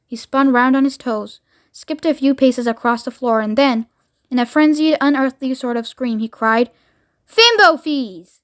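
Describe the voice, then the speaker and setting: A woman narrating a children's book aloud with expressive storytelling. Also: high voice, moderate pace. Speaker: book reader.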